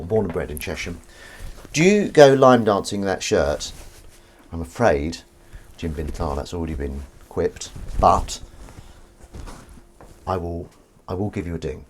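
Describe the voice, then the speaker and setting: A man hosting a chatty livestream from his kitchen as he washes up. His voice is deep, and its pitch jumps around animatedly as he rambles through viewer comments. Faint clicks sit behind him. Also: slight background noise. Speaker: livestream host. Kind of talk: casual livestream chat. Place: home kitchen while washing up.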